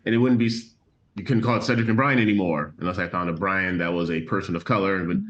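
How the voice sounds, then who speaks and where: A middle-aged man co-hosting a music reaction channel, reading viewer comments in an earnest, measured way with dry sarcasm. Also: low voice, fairly bright tone. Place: home, remote from co-host. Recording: muffled lo-fi sound.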